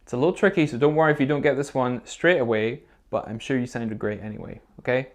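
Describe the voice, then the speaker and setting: A man's voice: medium pitch, quick pace. Encouraging man teaching recorder to children. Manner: encouraging, checks in with frequent "okay?"; patient, step-by-step instruction. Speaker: music teacher. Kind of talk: recorder lesson video for children.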